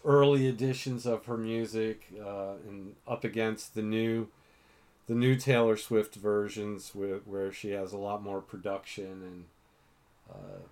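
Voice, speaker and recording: A man's voice: lowish voice, steady tone, a little slow, a little mellow. A middle-aged man hosting a casual chat with his daughter, self-mocking and full of fillers. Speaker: podcast host.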